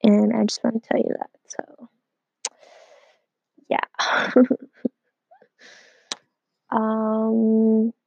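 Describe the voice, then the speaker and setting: A woman's voice: on the high side, completely flat delivery, drawn-out words, vocal fry, pauses often, no room sound. Teen girl, casual podcast ramble, lots of "like", dull lo-fi recording. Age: teens. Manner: rambling, heavy use of "like". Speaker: podcast host. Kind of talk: casual solo podcast chat. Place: at home.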